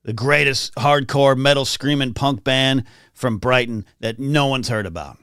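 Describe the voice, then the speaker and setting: Reading chat messages aloud and wandering from topic to topic, a livestream host talks casually during a morning stream at his California home. He has a clear, resonant mid-range voice with a fairly bright tone, speaks a little slowly, and the sound is clean studio audio without echo.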